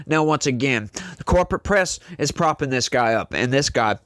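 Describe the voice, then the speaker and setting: Man, political commentary host, emphatic, indignant, mid-pitched voice, dry close-mic sound. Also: animated, moderate pace, fairly bright tone, no echo. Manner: emphatic, indignant, talks straight to viewers. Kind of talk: casual opinion commentary.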